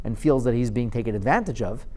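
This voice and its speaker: A man teaching a Talmud lesson, telling the story in a lively, wry way and mixing Aramaic quotes into English. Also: medium pitch, fast.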